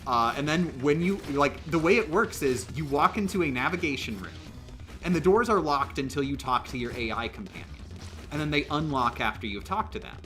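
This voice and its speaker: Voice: mid-range voice, animated, a little fast, fairly bright tone, soft background music. A livestreamer chatting casually during a game stream, rambling with lots of fillers and emphatic restarts.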